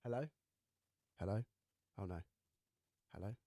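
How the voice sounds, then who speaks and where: A man's voice: on the low side, a little slow, dark tone, no room sound. A man hosting a live stream in casual chat, thinking aloud and testing his microphone up close with repeated checks. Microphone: studio dynamic mic, close up.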